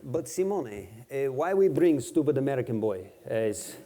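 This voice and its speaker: A man's voice: medium pitch, sing-song, normal speed, dark tone, natural voice. A man voicing a blunt, dismissive Russian climber with a Russian accent, speaking in broken English.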